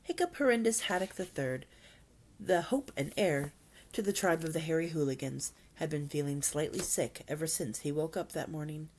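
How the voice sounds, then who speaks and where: A woman presenting a book talk, retelling the story in an expressive, dramatic read-aloud manner with sudden whispers. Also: deep voice, normal speed, a little hiss or hum.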